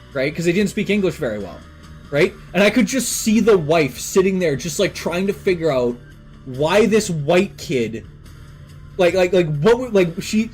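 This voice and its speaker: This young Canadian streamer has a fairly high, slightly mellow voice. He talks casually and aimlessly, dropping plenty of fillers and curse words along the way.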